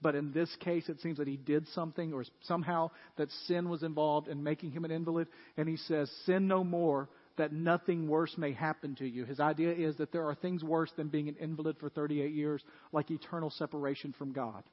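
A man preaching a sermon as pastor, telling stories and becoming animated as he retells a scene. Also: fairly high pitch, fairly quick, hardly any pauses. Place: church. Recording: dull, echoey church hall.

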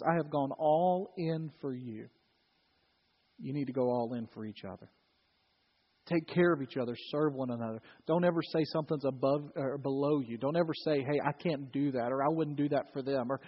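A middle-aged man preaching a sermon, telling stories with acted quotes and sudden loud bursts. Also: sits high, long reverb tail, highs cut off. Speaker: pastor. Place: church hall.

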